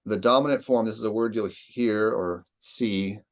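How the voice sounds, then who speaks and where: A man's voice: fairly low pitch, moderate pace. A man lecturing patiently on poetry, sounding out rhythms aloud as he explains.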